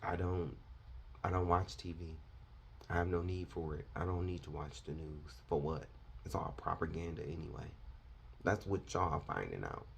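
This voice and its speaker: A man's voice: low voice, moderate pace, creaky, slight background noise. A man preaching a confrontational, fiery sermon, lecturing his listeners.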